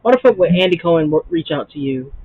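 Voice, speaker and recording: A woman's voice: low-pitched, expressive, fast, a little mellow, slightly rough. A woman reacting to a TV episode, blunt and heated, swearing constantly. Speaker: TV show reactor. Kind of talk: profane casual reaction commentary. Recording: muffled lo-fi mic.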